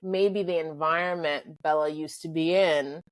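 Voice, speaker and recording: Lower-voiced woman podcast co-host. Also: a little slow, no echo. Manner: explains calmly, mimics characters. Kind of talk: casual film review chat.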